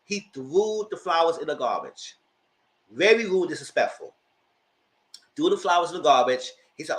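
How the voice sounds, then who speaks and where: A man giving a chatty, animated recap of a TV show, talking straight to his viewers. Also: a little high, moderate pace. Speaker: vlogger recapping a reality show. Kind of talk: casual commentary. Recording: roomy echo.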